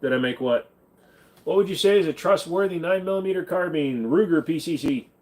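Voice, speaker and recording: A man's voice: fairly high pitch, a little fast, darkish tone. A man hosting a casual livestream Q&A, answering viewer questions in a blunt, offhand and joking way. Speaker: channel host.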